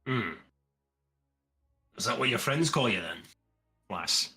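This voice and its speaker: A man playing his character in a tabletop game, describing actions in a slow, drawling manner. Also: mid-range voice, expressive, pushed and bright, faint music behind. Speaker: player.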